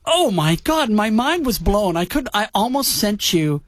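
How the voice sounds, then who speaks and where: A man's voice: sits high, sing-song, a little slow, a bit bright, no echo. A man hosting a retro music show in casual chat, enthusiastic and playfully teasing. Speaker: radio show host.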